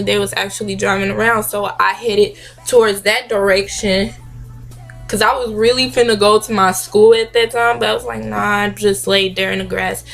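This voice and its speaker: A young woman vlogger telling a story in a casual, slangy, animated way, acting out what people said. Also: medium pitch. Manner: animated, slangy, acts out quotes. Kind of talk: storytime vlog.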